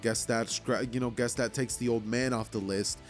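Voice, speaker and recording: A man's voice: medium pitch, steady tone, normal speed, soft background music, lightly acted. A brooding, resentful teenage boy with ice powers, grumbling his thoughts under his breath, as a male narrator puts him on. The voice sits in the narrator's ordinary middle range. It is told as a fan-made story. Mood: annoyed.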